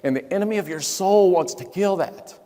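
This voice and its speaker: A man giving a live motivational sermon in a large event hall. He talks emphatically, asks the audience questions, and often drops to hushed tones. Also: sits high, a little fast. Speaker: motivational speaker. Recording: long hall reverb.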